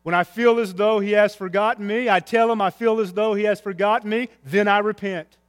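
Guy preaching a sermon, pretty high voice, gets loud and passionate, echoey church hall. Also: fairly even intonation, brisk. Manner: impassioned preaching with big swings in pitch and loudness. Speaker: pastor.

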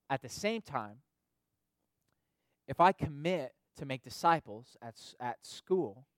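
A man gives a casual, conversational sermon at a middle pitch. He often tags his points with quick questions and repeats key phrases. The sound is dry and close, with little room echo. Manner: conversational preaching, frequent "right?" tag questions and repetitions. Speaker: pastor or youth leader.

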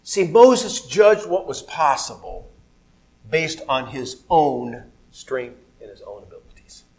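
A male pastor preaching a sermon in a conversational, animated way, acting out biblical figures and asking the congregation questions. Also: fairly high pitch, slow. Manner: conversational, asks the audience questions.

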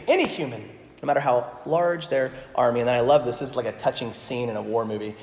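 A man's voice: medium pitch, fairly quick. Jokey preaching man in an echoey hall. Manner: casual, jokey preaching with playful voiced asides. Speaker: pastor. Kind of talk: sermon. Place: church sanctuary. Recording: echoey hall with long reverb.

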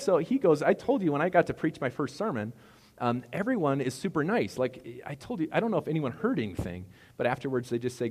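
A man's voice: mid-range voice, lively intonation, normal speed, darkish tone. A man preaching a sermon as a pastor, talking conversationally with playful asides. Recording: long hall reverb.

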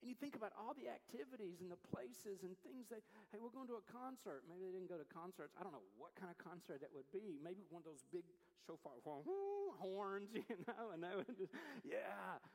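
A man preaching a sermon, telling a scripture story with animated energy and acting out the voices of the people in it. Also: high-pitched, fast, few pauses, long reverb tail, rough recording. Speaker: pastor.

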